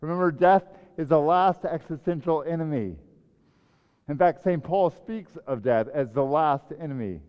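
Male preacher, sermon, swells loud on scripture and drops soft to reflect; muffled sound with a long hall echo. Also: a little high, normal speed, smooth. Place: church sanctuary. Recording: echoey hall, dull sound.

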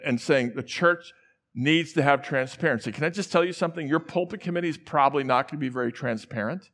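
In a large church, a middle-aged man from the middle of the United States gives a sermon at medium pitch. He shares personal anecdotes in a chatty way and mimics the voices of anyone he quotes.

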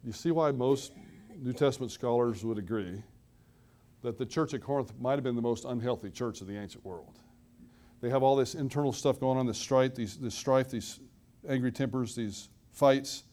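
A man's voice: mid-range voice, moderate pace, warm tone. A middle-aged man preaching a sermon from the pulpit, conversational with self-deprecating asides and dramatic emphasis on the story. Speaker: pastor.

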